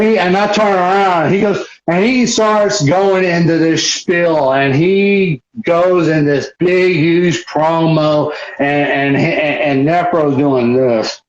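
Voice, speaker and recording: A man, a wrestler guest, telling stories on a video call in a rambling, profane way, full of restarts. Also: on the high side. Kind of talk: casual storytelling interview. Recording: roomy, dull lo-fi livestream audio.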